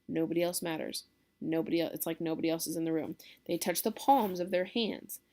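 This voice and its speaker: A woman's voice: lowish voice, a little mellow. A woman teacher giving a casual classroom lecture, explaining a play and checking in with her students.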